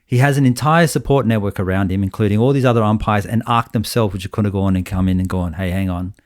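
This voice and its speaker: A man's voice: fairly low pitch, fast, dry recording, studio quality. A man with an Australian accent co-hosting a casual sports podcast, talking bluntly in rambling runs and swearing now and then. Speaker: podcast co-host.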